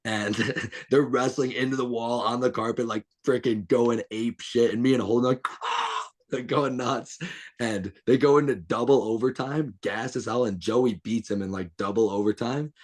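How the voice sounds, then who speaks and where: A man's voice: medium pitch, fairly even intonation, normal speed. A young man telling rowdy, profane stories as a guest on a casual podcast, laughing as he goes. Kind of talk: casual storytelling chat.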